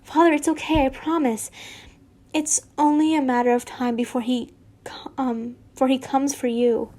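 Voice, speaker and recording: A woman's voice: high voice, steady tone, moderate pace, dark tone. A woman reading fan fiction aloud, voicing an earnest, lovestruck young male wizard close to her own voice.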